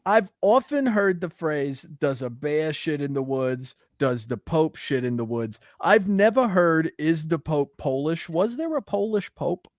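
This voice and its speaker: A man's voice: fairly high pitch, expressive, a little slow, hardly any pauses, no room sound, clean studio sound. Playful slangy man retelling movie plots. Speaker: podcast co-host. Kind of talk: casual movie review chat.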